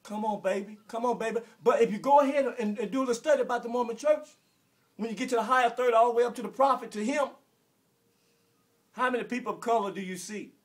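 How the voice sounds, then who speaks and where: Speaking straight to camera, a Southern-accented man in his forties from Arkansas delivers an emotional, preachy rant. He talks fast in an extremely high pitch, repeating phrases and breaking into shouts.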